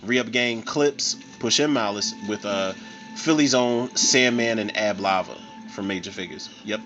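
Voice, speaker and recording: A man from Philadelphia hosting a tipsy movie commentary, talking in an excitable, profane way with laughing asides. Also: fairly low pitch, measured pace, lo-fi sound, faint music behind. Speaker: podcast host.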